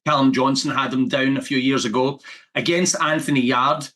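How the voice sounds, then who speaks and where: A man giving measured analysis as a boxing pundit. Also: medium pitch, fairly even intonation, pushed and bright. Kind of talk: boxing commentary.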